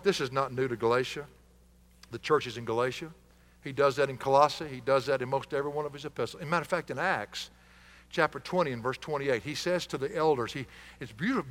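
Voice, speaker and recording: Male pastor, passionate, animated preaching, bright voice, reverb of a large hall. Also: medium pitch. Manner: impassioned, animated preaching with a puppet. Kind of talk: sermon.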